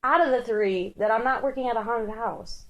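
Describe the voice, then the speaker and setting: A woman podcast host chatting casually, telling a story in an animated way, laughing and swearing often. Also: on the high side, normal speed.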